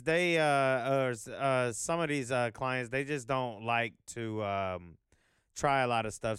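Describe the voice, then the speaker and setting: Smooth, dry-voiced man rambling casually. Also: fairly low pitch, a bit bright, no echo. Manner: profane, loose, full of fillers. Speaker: vlog host.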